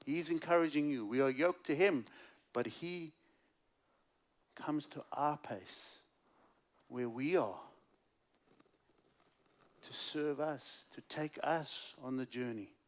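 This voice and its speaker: A man preaching a sermon as a guest speaker at a church service, alternating loud, emphatic lines with hushed, quiet asides. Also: fairly high pitch, slow pace, long pauses.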